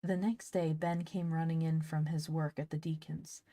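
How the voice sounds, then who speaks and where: A woman narrating a classic children's novel as an audiobook reader, clear and measured. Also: deep voice, little pitch movement, warm tone, no room sound.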